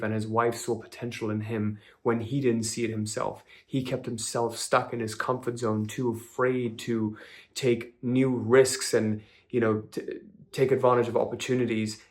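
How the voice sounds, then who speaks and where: Low, flat-voiced man hyping a guest. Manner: hyped, emphatic, repeats superlatives. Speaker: host introducing a testimonial. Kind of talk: scripted-sounding promo intro.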